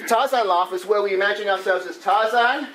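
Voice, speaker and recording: A man's voice: sits high, brisk, fairly bright tone. A man leading a laughter club workshop in a playful way, breaking into laughs as he shows the exercises to a room full of people. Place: conference room with an audience. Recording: echoey room, mic far off, audience noise.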